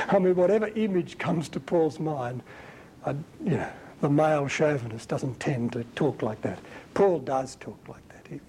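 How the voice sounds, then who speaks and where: A man giving a conversational Bible teaching as a preacher, talking in an animated, colloquial and emphatic way. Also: fairly high pitch, measured pace, a little hiss or hum, rough recording.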